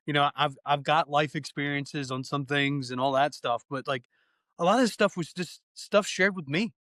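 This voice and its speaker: A man chatting as a podcast guest about fire training, excitable and profane, acting out bits of dialogue as he talks. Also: a little high, normal speed, dry recording. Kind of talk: casual podcast chat.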